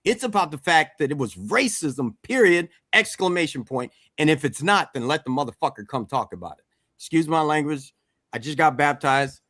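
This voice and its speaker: A middle-aged man from Washington, D.C. talks bluntly and with emphasis, swearing now and then as he leads a candid group talk. His voice sits somewhat high for a man, and the sound is close and dry. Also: expressive, normal speed, a bit bright, no room sound. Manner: blunt, emphatic, swears, repeats "let's get real". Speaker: men's circle coach.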